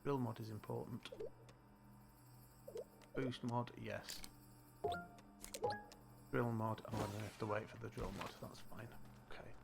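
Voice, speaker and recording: A British man chats loosely and mutters to himself while he plays a game on a live stream. His voice sits at a middling pitch with a gravelly edge, and a steady hiss of background noise runs beneath it. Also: unhurried, long pauses. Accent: British English. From Britain. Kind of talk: casual live-stream commentary.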